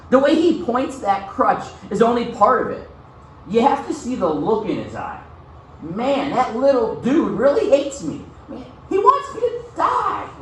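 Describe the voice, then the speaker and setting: A male teacher's high-pitched, somewhat bright voice carries through a very echoey room as he reads a novel aloud and then talks it through casually, often saying "okay?" The mic is distant, with slight background noise.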